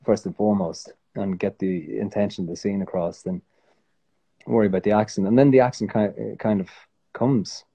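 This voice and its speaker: A man's voice: on the low side, normal speed, creaky, breathy edge. An Irish man who is a guest actor, chatting casually and rambling with lots of restarts. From Ireland. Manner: rambling, self-correcting, relaxed. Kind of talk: casual chat.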